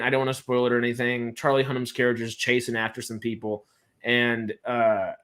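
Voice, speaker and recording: Animated swearing American man host. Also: medium pitch. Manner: animated, swears freely, many restarts. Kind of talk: casual chat.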